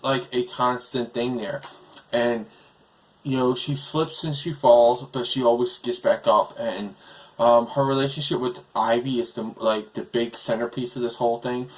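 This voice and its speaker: A man's voice: mid-range voice, rough recording. Casual male reviewer, rambling delivery with lots of fillers, voice cracking. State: voice breaking.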